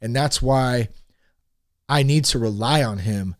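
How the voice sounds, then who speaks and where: A man in his thirties hosting a podcast, talking frankly in a casual, animated monologue. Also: mid-range voice, a little slow, no echo, studio quality. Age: 30s. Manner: animated and frank, with swearing and rising emphasis. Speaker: podcast host.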